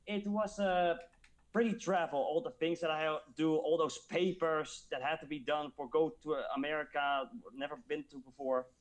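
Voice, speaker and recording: A man from the Netherlands, with a slightly high voice, tells his trip story in casual chat. His English is halting and non-native, full of pauses while he hunts for the right words. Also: fairly even intonation. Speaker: guest.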